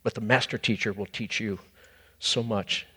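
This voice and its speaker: A man ministering to a couple in a conversational, animated preaching style, with sudden high exclamations. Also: moderate pace, slightly rough, in a large hall.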